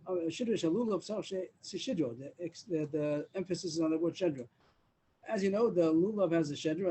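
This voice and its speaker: A man's voice: fairly high pitch, dark tone, husky, low-quality recording. A man teaching a daily Talmud class over a video call, explaining step by step and mixing in Hebrew and Aramaic terms.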